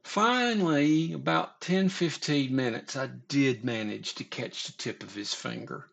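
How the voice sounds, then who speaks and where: A man's voice: medium pitch, unhurried, creaky, a bit bright. A man casually telling a story, rambling and profane, often stopping to restart his sentences. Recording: dull lo-fi recording.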